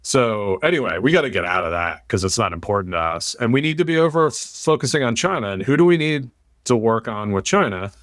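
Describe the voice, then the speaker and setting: This American podcast host speaks briskly at a medium pitch, recorded with studio quality and no room sound. His casual, opinionated chat is blunt, with animated rants and occasional swearing.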